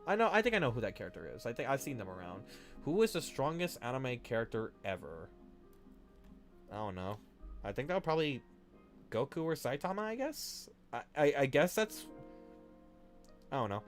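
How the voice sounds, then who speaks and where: A young man chatting casually to his live-stream chat while drawing, excitable and swearing often. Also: medium pitch, fairly quick, long pauses, faint music behind.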